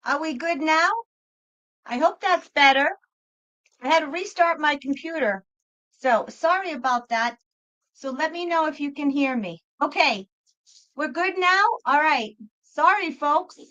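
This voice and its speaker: A woman's voice: high-pitched, measured pace, long pauses, bright, forceful tone. A woman hosting a live tarot stream, chatting casually and apologetically, with many fillers and repeated words. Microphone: computer microphone. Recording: dull, muffled microphone sound.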